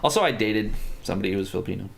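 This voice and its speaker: A man's voice: lowish voice, animated, very fast, vocal fry, a little hiss or hum. A man hosting a casual livestream. He talks with viewers in a rambling, profane way, full of fillers and restarts, and playfully tries out foreign words. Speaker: livestream host.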